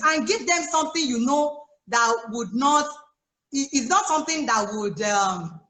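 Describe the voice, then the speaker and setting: A woman with a Nigerian English accent, a life coach giving chatty, animated advice to new mothers on a video call, laughing often. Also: sits high, measured pace, reverberant. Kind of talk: casual advice on a live chat. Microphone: phone or laptop on a video call.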